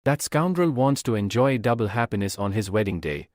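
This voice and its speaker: A man's voice: on the low side, lively intonation, fairly quick, darkish tone, dry recording, studio quality, close to an everyday voice. A man voicing a confident young male alchemist hero in a comic story, casual and self-assured.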